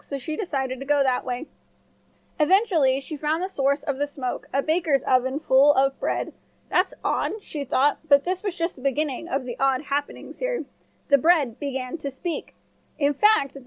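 A woman storyteller reading a fairy tale in a gentle, clear voice that sits high. The sound is close and dry, with no room around it. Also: dry recording, rough recording. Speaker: storyteller, podcast host. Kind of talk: scripted storybook narration.

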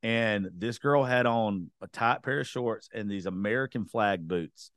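A man's voice: on the low side, measured pace, no room sound, studio quality. Blunt, salty man telling stories. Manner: blunt, profane, animated storytelling. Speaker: podcast host. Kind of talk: casual chat.

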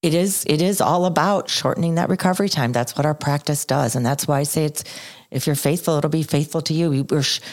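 A middle-aged woman co-hosting a podcast, her voice sitting unusually deep for a woman. She speaks earnestly and reflectively, circling back to key phrases to drive them home. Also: a little mellow. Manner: earnest, repeats phrases for emphasis. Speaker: podcast co-host.

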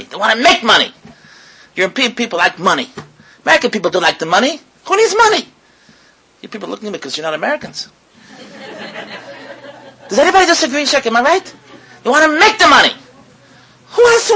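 A man giving a sermon to an audience as a rabbi, animated and full of rhetorical questions, repeating his words and mixing in Hebrew and Yiddish terms. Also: very high voice, fast talker, pauses often, breathy edge, rough recording.

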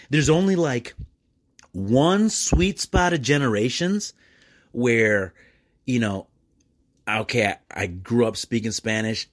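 A man hosting a podcast in a casual, rambling monologue, restarting often and calling listeners "man" and "bro.". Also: medium pitch. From Michigan, United States. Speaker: podcast host; small business owner and dad.

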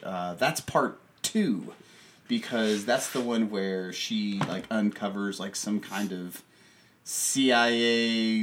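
A man co-hosting a casual podcast, chatting in an animated, jokey way and laughing often. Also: mid-range voice. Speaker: podcast co-host. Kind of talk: casual chat.

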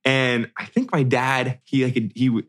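A man in his thirties from the US tells a childhood story to listeners. He speaks casually and with energy, often restarting his sentences and padding them with "like" and "you know." His pitch sits at an ordinary middle height for a man. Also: takes it slowly. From United States. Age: 30s. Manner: animated, many restarts and fillers.

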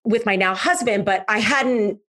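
A woman with a slightly husky, breathy voice hosts her podcast, telling a story in a relaxed monologue. She talks in a chatty way with fillers and punches key words by saying them again. Her pitch sits in the middle range for a woman. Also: moderate pace. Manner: lively, emphatic, repeats words for effect. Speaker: podcast host.

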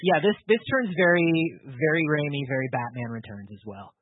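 A man's voice: on the high side, sing-song, a little fast, slight background noise. A man co-hosting a podcast, reacting to a film with emphatic, sweary enthusiasm. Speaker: podcast co-host. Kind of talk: casual film discussion. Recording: dry tinny phone-like sound.

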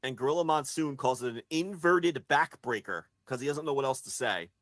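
A man's voice: mid-range voice, expressive, a little fast, fairly bright tone, dry recording. A man hosting a casual podcast, wry and profane, steering the conversation. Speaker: podcast host.

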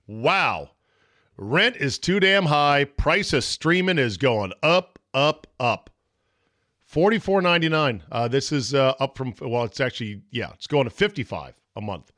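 A man's voice: medium pitch, a bit bright, no room sound, studio quality. A middle-aged man hosting a podcast, ranting bluntly with sarcasm and profanity. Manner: blunt, profane, sarcastic, mocking voices in quotes. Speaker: podcast host. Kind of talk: opinionated sports talk monologue.

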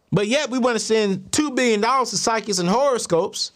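A young man vlogging in a casual, animated monologue, telling stories with exasperated asides. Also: high voice, a little fast, few pauses.

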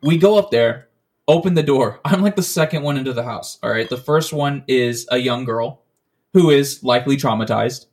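A man's voice: mid-range voice, normal speed, darkish tone. A man in casual podcast chat, telling a long story in a rambling, profane way, full of restarts.

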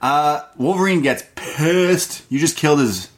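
A man's voice: a little high, unhurried. A man co-hosting a movie podcast, recapping a film in a rambling, profane, casual way full of fillers.

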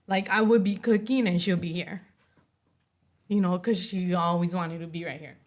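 A young woman speaking as an interview guest, giving a personal testimony in a soft voice full of "you know" and "like". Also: on the low side, steady tone, normal speed. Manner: soft-spoken, many fillers like "you know" and "like".

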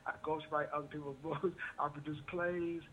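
A man's voice: fairly high pitch, little pitch movement, moderate pace, a bit bright, a little hiss or hum, poor audio. A man being interviewed as an author, speaking in a confident, talkative manner. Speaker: author and guest. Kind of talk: interview answers.

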